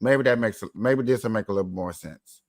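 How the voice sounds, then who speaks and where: A man's voice: fairly low pitch, brisk, darkish tone. A man in a casual heated debate on a live stream, talking emphatically and repeating himself to get the floor.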